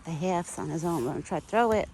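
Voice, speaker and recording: A woman's voice: lowish voice, lively intonation, fast, mellow, a little hiss or hum. A woman vlogging outdoors while feeding her pet deer, chatty, cooing to it in baby talk now and then. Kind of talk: casual outdoor vlog. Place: outdoors in a wooded yard.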